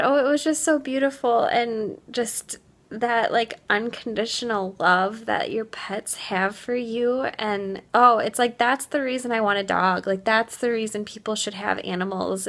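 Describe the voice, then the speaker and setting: A woman's voice: mid-range voice, a bit bright. A young woman talking to her camera in a casual vlog from her kitchen at home. She is gushing and heartfelt and fills her talk with "like.". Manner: gushing, heartfelt, heavy use of "like". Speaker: vlogger.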